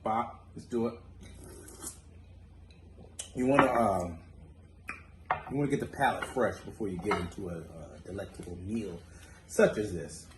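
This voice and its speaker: A man's voice: on the low side, a little slow, long pauses, roomy sound, very noisy. A man chatting playfully while tasting food on camera, laid-back with casual slang. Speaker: co-host.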